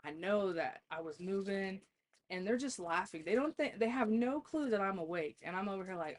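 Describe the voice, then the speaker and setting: A woman's voice: medium pitch, moderate pace, slight background noise. A woman guest on a podcast, telling stories in a casual chat, laughing often and swearing freely.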